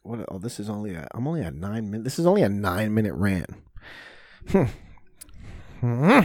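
A man's voice: fairly low pitch, sing-song, moderate pace, dry recording, clean studio sound. A man hosting his own podcast in a casual solo rant, rambling and swearing often, with frequent fillers and restarts. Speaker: podcast host. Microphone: podcast mic.

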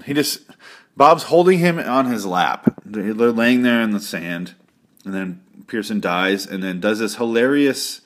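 A man's voice: lowish voice, animated, measured pace. A man hosting his own show, rambling through a casual recap with swearing and jokes. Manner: rambling, profane and jokey. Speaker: podcast host.

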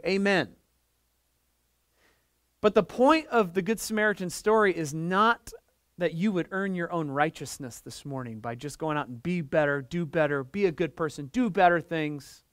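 High-voiced pastor preaching with rising fervor. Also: male voice, a bit bright, no room sound, clean studio sound. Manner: storytelling, rising to fervent emphasis. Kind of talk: sermon. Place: church.

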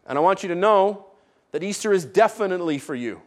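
A man's voice: high voice, animated, brisk. A man preaching a sermon as pastor, stressing points by repeating them and checking in with the congregation. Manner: emphatic, repeats key points, asks "right?".

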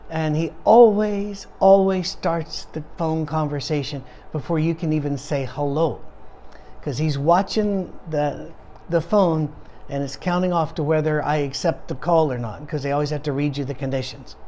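A man's voice: fairly high pitch, moderate pace, dark tone, slight background noise. A man, a pastor, leading a conversational Bible study, sounding tired and rambling from point to point with many fillers and restarts.

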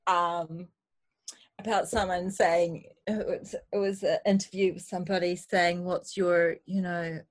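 A woman's voice: on the low side, level tone, a little slow. A woman with a New Zealand accent chatting casually as a podcast guest, laughing often and poking fun at herself. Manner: laughs often, self-deprecating. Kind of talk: casual chat.

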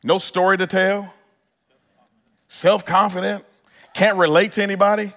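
Male pastor, sermon delivery, a touch high-pitched, earnest and emphatic. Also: level tone, unhurried, fairly bright tone. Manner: earnest preaching with rising emphasis and frequent restarts.

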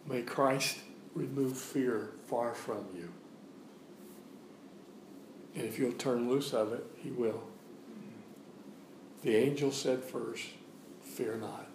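A man's voice: mid-range voice, takes it slowly, long pauses, a little mellow, reverberant, a little hiss or hum, low-quality recording. A man giving a sermon as a guest preacher in a church, preaching in a conversational way and repeating phrases for emphasis. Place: church sanctuary.

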